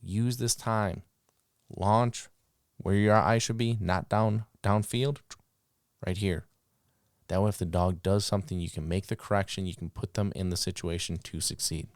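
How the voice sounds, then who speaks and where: A man's voice: deep voice, moderate pace, no echo, clean studio sound. A man hosting a podcast, casually telling dog-training stories and acting out the commands he called out. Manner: animated, acts out commands and reactions.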